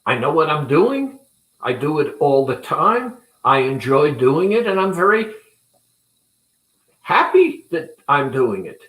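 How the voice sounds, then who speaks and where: A man's voice: fairly high pitch, big pitch swings, takes it slowly, fairly bright tone, heavily acted. A man putting on a raised, emotional voice for a woman patient he once treated. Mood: proud. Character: tearful woman patient, upset then proud. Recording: roomy echo.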